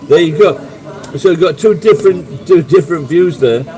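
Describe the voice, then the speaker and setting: This clip has soft music in the background and poor audio. A middle-aged Sheffield man, a livestream host from England, talks at a moderate pace in a voice on the high side with a dark tone. He rambles through sweary tales and chats casually with his viewers.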